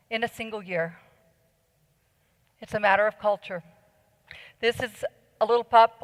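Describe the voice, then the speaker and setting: A woman's voice: mid-range voice, fairly bright tone. A middle-aged woman giving an earnest, persuasive conference talk and questioning her audience. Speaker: conference speaker. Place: large conference hall. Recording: long hall reverb.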